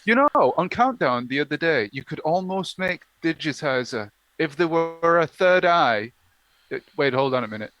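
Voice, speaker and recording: A man's voice: fairly high pitch, lively intonation, normal speed, a bit bright. A man co-hosting a live stream, chatting casually and jokingly and reading on-screen text aloud. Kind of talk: casual chat.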